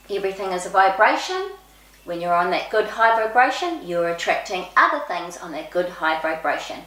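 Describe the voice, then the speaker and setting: A woman, telling personal stories in a casual vlog, chatty and expressive, acting out what people said. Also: mid-range voice. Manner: chatty and expressive, acts out quoted speech. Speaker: vlogger. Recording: echoey room.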